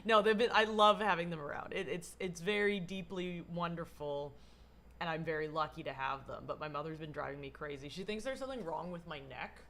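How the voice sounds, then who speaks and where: A young woman streamer talks straight into her desk mic in a bright, forward voice gone a little hoarse. She rambles, loses her thread and swears offhandedly. She breaks off now and then to greet her chat. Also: on the low side, fairly quick, a little hiss or hum. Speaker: livestreamer. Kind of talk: casual livestream chat.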